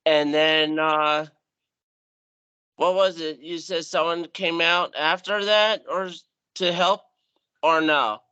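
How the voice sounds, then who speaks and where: Slow, hesitant male guest. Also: a little high, steady tone, bright, forceful tone, smooth, dry recording, muffled recording. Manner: slow, hesitant, searching for words. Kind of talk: casual interview answers.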